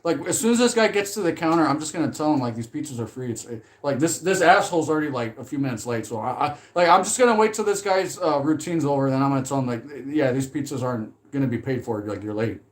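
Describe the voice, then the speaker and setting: A man voicing a bored, blunt woman clerk in his own flat, dismissive way. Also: medium pitch, fast talker, hardly any pauses, natural voice.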